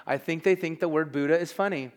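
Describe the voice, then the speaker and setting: A man's voice: on the high side, fast. Emphatic man preaching a sermon. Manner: emphatic, conversational with asides and quoted lines. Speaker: pastor.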